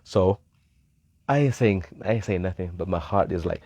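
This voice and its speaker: A man DJ from Malawi telling a personal story in casual chat, animated, laughing often and acting out the people he quotes. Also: low-pitched, normal speed, dry recording. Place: live stream.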